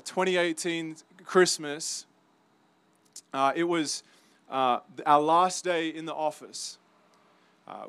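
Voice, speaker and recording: A man with an Australian accent giving an earnest, halting personal testimony as a campus ministry speaker, his voice full of emotion. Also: a little high, fairly bright tone, smooth, no room sound.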